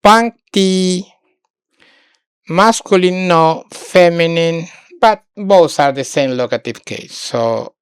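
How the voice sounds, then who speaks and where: A woman with a fairly low, clean-toned voice teaches Sanskrit online, thinking aloud as she works on screen. She halts, repeats words, and often restates them in Spanish, in a dry, studio-quality recording.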